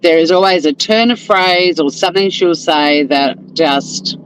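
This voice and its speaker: A man's voice: a little high, measured pace, very noisy. A man with an Australian accent hosting a casual live-stream chat from his car, greeting viewers by name and swearing now and then. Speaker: lawyer and live-stream host. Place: in a car, driving to work.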